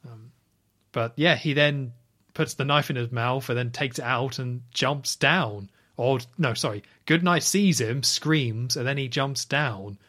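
A man co-hosting a podcast, casually recapping a film scene by scene with quick asides. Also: mid-range voice, sharp tone. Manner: retells scenes at length, chatty with quick asides. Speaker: podcast co-host.

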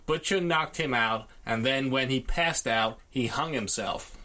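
A man putting on an impression of a famous film director, talking in a rapid, emphatic way. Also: pushed and bright. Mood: explaining. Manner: rapid, emphatic, higher-pitched delivery. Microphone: audio interface.

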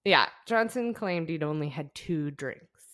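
A woman's voice: sits low, expressive, measured pace, a bit bright. A woman hosting a podcast, telling a story in casual chat and laughing often. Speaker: podcast host.

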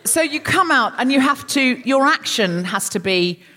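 Woman, live comedy podcast co-host, bright clear voice, very lively pitch, theatrical, laughs mid-sentence. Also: normal speed. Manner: animated and theatrical, laughing while explaining. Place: on stage at a London concert hall before a live audience.

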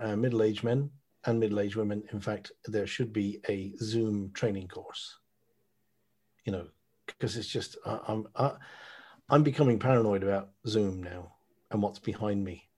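Middle-aged guy on a zoom podcast, husky, rambles and mocks himself. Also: on the low side, dark tone. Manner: rambling, self-mocking, many restarts. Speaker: podcast co-host. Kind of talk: casual chat. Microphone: video call.

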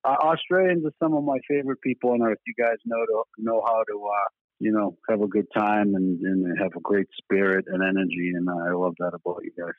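A man's voice: fairly low pitch, steady tone, fairly quick, no room sound. Boston man on a tinny phone line. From Boston, USA. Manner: laid-back, swears freely, tells stories with acted quotes. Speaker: band musician guest. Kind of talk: casual phone interview.

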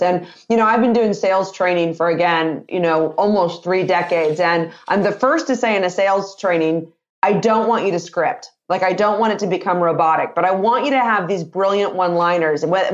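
A woman in her fifties, an author and sales trainer, speaking as an interview guest in an energetic, expressive way and acting out example dialogue. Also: mid-range voice, highs cut off.

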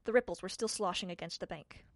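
A woman's voice: fairly low pitch, dry recording. Woman reading a storybook aloud, dry. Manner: expressive, measured. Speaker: audiobook narrator. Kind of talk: scripted storybook narration.

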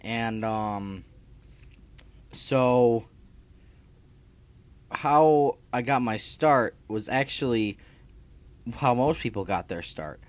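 A man's voice: medium pitch, very slow, long pauses, dry recording. A young man talking to his YouTube viewers from home, chatty and scattered, full of fillers and restarts. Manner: chatty, scattered, self-interrupting, filler-heavy. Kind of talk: casual vlog chat. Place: home room.

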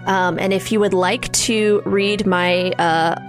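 Playful female podcast guest, mid-pitched, quick to laugh, faint music underneath. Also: fairly even intonation. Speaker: guest, horror writer. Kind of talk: casual chat.

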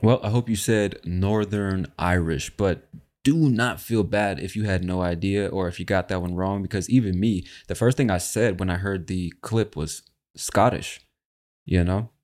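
A man's voice: sits low, moderate pace, darkish tone. A man hosting a podcast in a brash, chatty style, swearing freely. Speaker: podcast host. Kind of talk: casual podcast chat.

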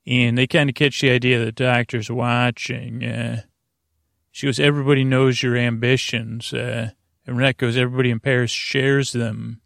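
A man's voice: mid-range voice, level tone, vocal fry, a bit bright, no room sound, clean studio sound. A man recapping an episode in a casual, rambling way, full of fillers and restarts. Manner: halting, lots of "uh" fillers and restarts; quotes characters in a plain voice. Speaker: podcast host recapping an episode.

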